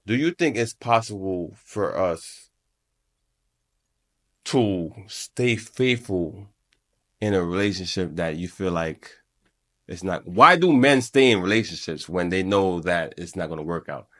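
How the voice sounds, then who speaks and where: A man co-hosting a podcast in casual chat, speaking in a measured way as he searches for words and poses questions. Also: low voice, lively intonation, fairly bright tone. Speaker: podcast co-host.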